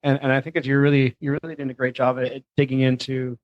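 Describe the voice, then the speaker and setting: A man's voice: medium pitch, little pitch movement, quick pace, dry recording, highs cut off. A man, an event organizer talking in a casual, earnest and enthusiastic way as a podcast guest. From Canada. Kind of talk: casual interview chat.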